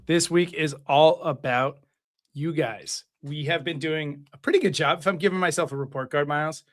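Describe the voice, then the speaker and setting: A man's voice: a little high, moderate pace. A man co-hosting a live stream over a video call, giving an earnest, encouraging pep talk to viewers. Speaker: co-host and co-founder. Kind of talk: casual live-stream chat.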